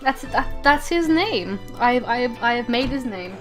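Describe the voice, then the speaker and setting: A woman's voice: fairly high pitch, animated, a little slow, soft background music. Chatty woman rambling on a live stream. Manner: chatty and rambling, stumbles and repeats words; playful, talks to viewers and game characters. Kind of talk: casual live-stream chat while gaming.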